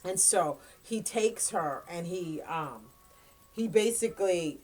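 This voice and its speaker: A woman chatting casually as a book reviewer, retelling a plot in a rambling way with lots of fillers and quick quoted lines. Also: fairly low pitch, animated, darkish tone, soft background music.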